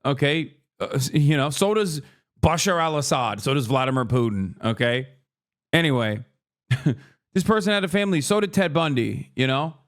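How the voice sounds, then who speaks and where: A man's voice: medium pitch, animated, measured pace. A man hosting his show, ranting with profanity and mocking the voices of others. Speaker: streamer and show host. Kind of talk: ranting commentary.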